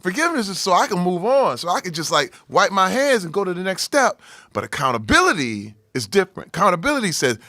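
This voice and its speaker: Animated storytelling man, wide-ranging voice. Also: fast, no echo, clean studio sound. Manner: animated, swings from loud exclaiming to hushed low tones; acts out quoted voices in his story. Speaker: podcast guest. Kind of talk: casual storytelling.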